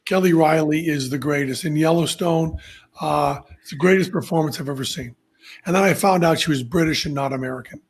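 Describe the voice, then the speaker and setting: A man hosting a podcast, telling stories in a casual, animated way and laughing at his own anecdotes. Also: a little high, a little fast, breathy edge. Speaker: podcast host. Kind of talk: casual storytelling chat.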